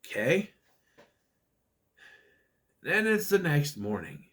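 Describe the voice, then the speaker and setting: A man's voice: on the high side, huge pitch swings, takes it slowly, fairly bright tone. A man casually recapping a bad movie with sarcastic asides, jumping into exaggerated voices for the characters' lines. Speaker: movie reviewer.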